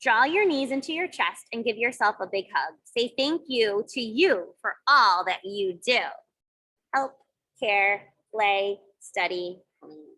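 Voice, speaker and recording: Bright-voiced woman guiding kids yoga. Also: a little high, expressive, takes it slowly, rough recording. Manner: gentle, encouraging instructions with playful sound effects. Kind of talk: guided kids yoga and mindfulness.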